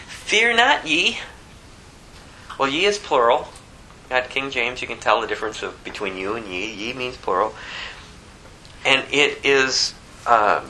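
A male pastor preaching with a very bright, sharp tone. He teaches verse by verse, rising to loud, emphatic peaks and dropping to quiet, low asides. A faint hiss sits under the recording. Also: low-quality recording. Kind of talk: sermon.

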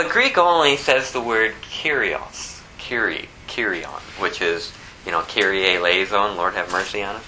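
A man preaching a sermon, explaining scripture verse by verse. He swings between loud, emphatic high peaks and low, quiet asides. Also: a little hiss or hum, poor audio. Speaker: pastor.

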